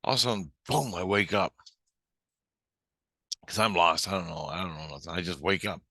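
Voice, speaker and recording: Sitting low and sharp at a moderate pace, a middle-aged man's voice tells of a strange spiritual experience in a rambling, profane, agitated way with many restarts. The studio recording is clean, with no room sound.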